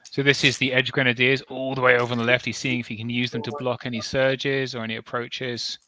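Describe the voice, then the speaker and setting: A man's voice: medium pitch, little pitch movement, fast, noisy background. A man commentating a tabletop wargame, upbeat and describing the action on the table.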